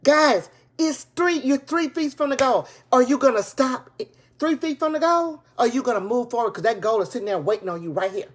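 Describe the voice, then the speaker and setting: Excited woman giving a motivational talk. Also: fairly high pitch, fairly quick. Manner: excited, preachy, repeats her points. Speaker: motivational speaker and business coach. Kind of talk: live-streamed motivational talk. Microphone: tablet device.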